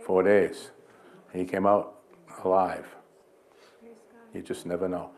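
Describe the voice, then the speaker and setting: Evangelist man, low-pitched, folksy storyteller leading prayer in a church. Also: flat delivery, slow, darkish tone. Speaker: guest healing evangelist. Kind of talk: preaching at a healing service. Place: church sanctuary.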